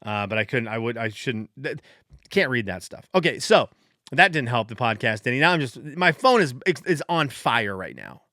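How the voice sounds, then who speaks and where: A man in his thirties hosting a casual solo podcast, rambling and excitable, who breaks into loud cheering. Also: mid-range voice, normal speed, dry recording, studio quality. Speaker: podcast host.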